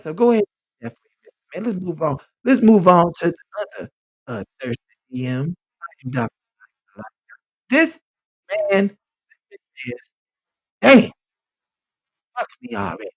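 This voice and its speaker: A man with a high-pitched speaking voice hosts a comedy segment, dishing out blunt, profane mock-medical diagnoses. His delivery is direct and unfiltered. He sounds close to the mic in a dry, dead space. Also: no room sound, low-quality recording. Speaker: podcast host. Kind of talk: comic advice bit reading messages aloud.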